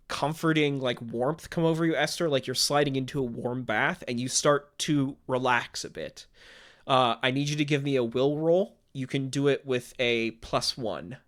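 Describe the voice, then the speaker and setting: A man narrating as game master of a tabletop game, relaxed and full of fillers as he sets the scene. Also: medium pitch.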